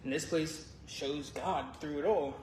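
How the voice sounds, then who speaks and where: A man sharing his recovery testimony at a church group meeting, joking and relaxed, then earnest. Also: fairly high pitch, measured pace. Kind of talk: casual personal testimony. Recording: echoey room with faint noise.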